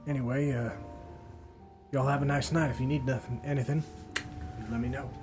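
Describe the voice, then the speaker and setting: A chatty, flirtatious ale seller, as a man puts him on, rambling easily in folksy small talk. His voice sits at an ordinary middle pitch and is barely changed from the performer's own. Soft music plays in the background. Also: little pitch movement, moderate pace, natural voice.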